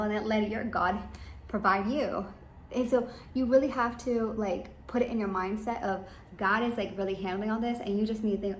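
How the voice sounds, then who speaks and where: This woman's mid-range voice holds a steady tone at a moderate pace. As a business coach, she gives a rambling, emphatic monologue of advice to her listeners, and the room sounds echoey with faint ambient noise.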